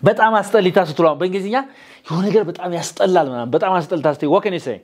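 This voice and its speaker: A man's voice: high-pitched, animated, racing. A man with an Ethiopian accent teaching English vocabulary in a studio, quizzing his student and repeating words. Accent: Ethiopian, Amharic-accented English. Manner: quizzing and prompting, repeating words, asking "yes or no?". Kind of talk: bilingual English lesson, drilling vocabulary.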